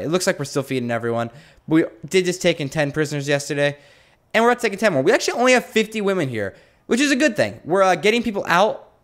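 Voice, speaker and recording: A young man talking his way through a strategy game, his voice pitched a little high and jumping all over the place. He drops into low mutters, then pops up into surprised yelps, chatty and animated throughout. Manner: chatty and animated, swinging between mumbled asides and excited yelps. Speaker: let's play host. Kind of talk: gameplay commentary.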